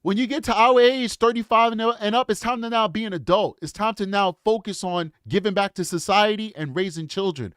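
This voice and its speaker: A man's voice: high-pitched, moderate pace, fairly bright tone, clean tone, dry recording, studio quality. A man in his forties giving casual, opinionated commentary straight to his viewers. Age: 40s. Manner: opinionated, talks straight to the audience. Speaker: true crime commentator.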